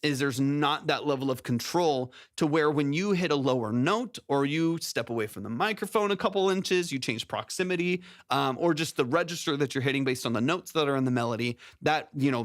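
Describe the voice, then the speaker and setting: A man's voice: mid-range voice, fairly quick, few pauses, dry recording. A man hosting a music production stream, giving casual technical feedback on a song's mix, rambling and correcting himself as he goes, close on a compressed studio mic. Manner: rambling, self-correcting, sings demo syllables. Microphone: close studio mic with vocal compression.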